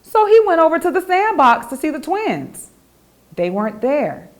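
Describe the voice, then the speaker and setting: A woman, the author, reading her children's picture book aloud in an expressive, animated storytelling voice. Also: high-pitched, normal speed.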